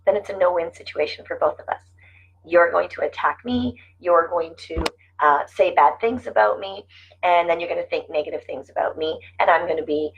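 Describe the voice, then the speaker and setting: A woman's voice: fairly low pitch, lively intonation, moderate pace, slightly rough. A middle-aged woman giving casual, earnest life-coaching talk to her viewers, often repeating her phrases. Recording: dull lo-fi sound.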